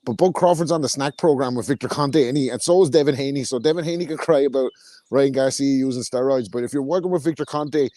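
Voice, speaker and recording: A man's voice: medium pitch, dark tone, no room sound. A man co-hosting a podcast, talking bluntly in casual chat with lots of swearing. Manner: blunt, heavy swearing, rapid opinionated rants. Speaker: podcast co-host.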